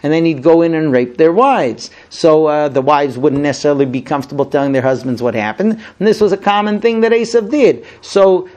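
A man teaching a Torah lesson, retelling the story in an animated way and voicing the people he quotes. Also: a little high, a little fast, hardly any pauses. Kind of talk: sermon-style Bible storytelling.

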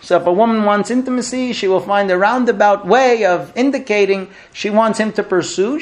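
Man, middle-aged, teacher of a class, humorous lecture, wide-ranging lively pitch, acts out quoted lines. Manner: animated storyteller, acts out quoted dialogue. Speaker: rabbi teaching a recurring class.

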